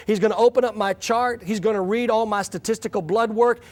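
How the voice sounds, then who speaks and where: A man's voice: high-pitched, a little mellow. A middle-aged man giving a humorous, folksy storytelling talk to church leaders. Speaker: church growth speaker.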